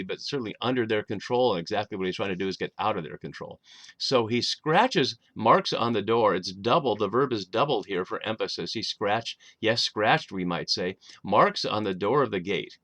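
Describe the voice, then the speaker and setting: A man's voice: lowish voice, animated, moderate pace, fairly bright tone, no echo. A man lecturing on a Bible passage, thoughtful and explanatory, with frequent fillers. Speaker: Bible teacher. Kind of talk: lecture on scripture.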